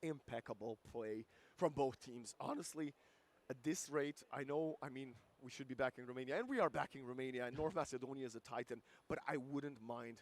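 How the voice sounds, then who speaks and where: A male esports commentator calling a live match, excitable and rising to near-shouts at big plays, his voice going hoarse. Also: mid-range voice. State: losing his voice.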